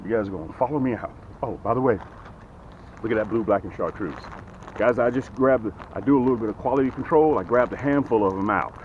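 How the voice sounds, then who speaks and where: Man, folksy fishing vlogger, lively up-and-down delivery, slightly dull outdoor audio. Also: mid-range voice, fairly quick, slight background noise. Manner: folksy, keeps checking in with "okay?". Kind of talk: casual how-to demonstration. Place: outdoors by the water.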